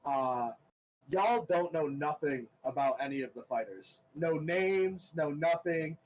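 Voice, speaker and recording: A man runs a tabletop game, narrating the scene slowly with lots of ums and restarts. His voice sits a little higher than most men's. There is a faint hiss of background noise. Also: poor audio. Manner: halting, full of ums and restarts. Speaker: game master.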